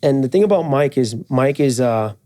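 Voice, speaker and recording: A man's voice: mid-range voice, expressive, moderate pace, warm tone. A man being interviewed at a trade show, telling stories in casual slang with fillers and swearing, acting out quoted friends in a raised voice. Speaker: guest, firearms and jiu-jitsu instructor.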